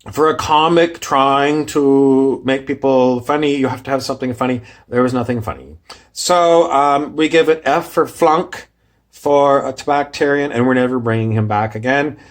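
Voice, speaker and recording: Comedy creator, male, casual rambling recap, self-critical, unhurried. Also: mid-range voice. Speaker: comedy sketch maker. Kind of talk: casual commentary on his own sketch.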